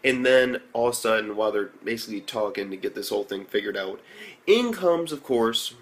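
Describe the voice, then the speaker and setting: Rambling, profane young man reviewing anime. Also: a little fast. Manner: rambling and profane, many fillers; excitable, jumps into high reactions. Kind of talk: casual recap and review.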